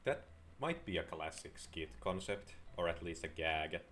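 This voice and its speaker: Deep-voiced sarcastic male streamer. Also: lively intonation, measured pace, a bit bright, a little hiss or hum. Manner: dry, sarcastic, rambling asides. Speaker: game streamer. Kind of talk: live gameplay commentary.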